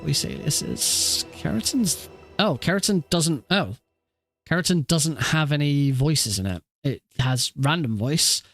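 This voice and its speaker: A man's voice: a little high, animated, a little slow, a bit bright. A man chats through his speedrun stream in a slightly raised voice, thinking aloud and restarting sentences as he goes. Faint game music hums behind him. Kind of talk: casual live-stream chat.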